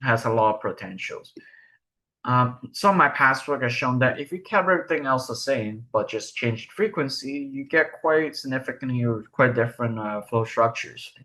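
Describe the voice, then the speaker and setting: A man's voice: mid-range voice, animated, moderate pace, bright, forceful tone. A young man giving a recorded research presentation, explaining step by step and asking rhetorical questions.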